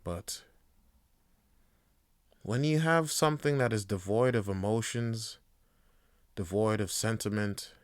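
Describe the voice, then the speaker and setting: Slow and full of long pauses, this podcast host's casual monologue is a rambling, profane rant. His smooth, clear voice sits at a middling pitch, recorded close and dry with no room echo.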